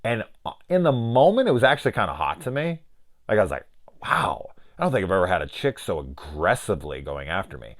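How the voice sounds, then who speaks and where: A man's voice: sits low, very animated, quick pace. A young man reviewing a horror film in casual chat, swearing freely and trailing into restarts as he rambles into a personal story.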